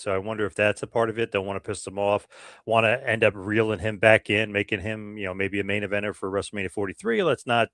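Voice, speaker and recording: A male podcast co-host speaks quickly and animatedly, with "like" scattered through his sentences. His pitch is middling. The recording is dry and close. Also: dry recording. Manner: animated, fast, many "like"s. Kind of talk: casual podcast review chat.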